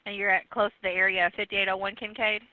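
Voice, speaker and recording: Brisk firm woman dispatcher. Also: medium pitch, little pitch movement, no echo. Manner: firm, repeats instructions to hold on. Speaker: 911 dispatcher. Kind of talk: emergency phone call. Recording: dull lo-fi call recording with faint noise.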